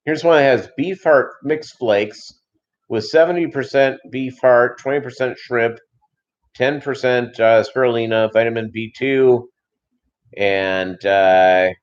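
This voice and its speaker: A man's voice: medium pitch, slow. A man hosting a fish-keeping channel, chatting casually and rambling with many fillers on a live stream. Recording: dull lo-fi sound.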